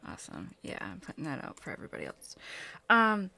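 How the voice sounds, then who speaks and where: A woman's voice: low voice, wildly swooping pitch, vocal fry, bright, forceful tone. Upbeat woman hosting an interview. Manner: upbeat, quick to react. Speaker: show host. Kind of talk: casual interview.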